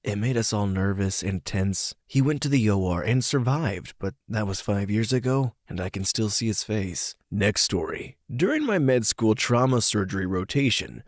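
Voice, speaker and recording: Low-voiced man reading somber stories. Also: no room sound, clean studio sound. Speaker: story reader. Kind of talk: scripted narration of online stories.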